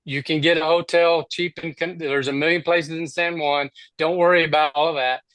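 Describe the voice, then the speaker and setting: A man on a video call who delivers a quick, repetitive sales pitch. His voice sits a little high, and the sound is dry with no room around it. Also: steady tone, a bit bright, dry recording, rough recording. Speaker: co-host of training webinar.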